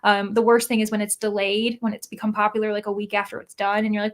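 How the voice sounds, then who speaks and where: A woman's voice: mid-range voice, completely flat delivery, fast, hardly any pauses. A young adult woman hosting a casual live stream, chatting and reading out viewer comments with lots of "like" fillers. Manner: chatty, many "like" fillers, upbeat. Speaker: livestream host reading chat.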